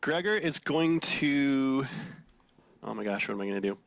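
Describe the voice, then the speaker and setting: A man's voice: medium pitch, lively intonation, normal speed, creaky, fairly bright tone, dry recording, highs cut off. A man playing a tabletop game who talks through his turn hesitantly, thinking aloud as he goes. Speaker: player. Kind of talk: casual chat.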